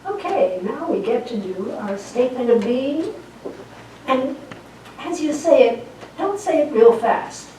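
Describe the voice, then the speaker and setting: A woman minister gives a sermon in a church in a fairly high voice. She speaks slowly and deliberately and circles back to the same phrases again and again. The sound is very echoey and comes from some distance off the mic, with a faint hum of the room behind it. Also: lively intonation, mellow. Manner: slow, deliberate, repeating phrases for emphasis. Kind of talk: sermon and spoken affirmations. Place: church sanctuary.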